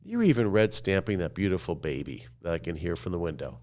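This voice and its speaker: A man voicing a calm, wise middle-aged custodian who lectures in a measured, preachy way. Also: low-pitched, pitched below the performer's own voice. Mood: lecturing.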